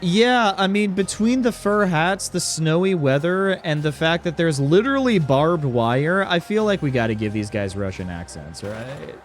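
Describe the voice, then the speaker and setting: Male streamer playful, animated let's-play banter, faint game music behind. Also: on the high side, moderate pace, hardly any pauses. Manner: chatty, jokey, many fillers. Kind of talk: casual let's-play commentary.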